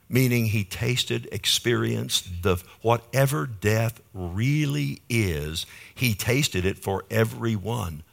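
A man's voice: lowish voice, vocal fry, a bit bright. A male pastor preaching a sermon, asking the congregation questions and building emphasis on key phrases.

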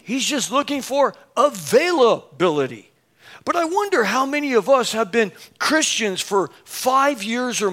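A man in his fifties delivers a storytelling sermon, speaking in a notably high register. His pitch leaps around as he plays every part in his anecdote, and he chuckles at his own jokes. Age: 50s. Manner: animated, acts out both sides of dialogue, laughs at himself. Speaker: preacher.

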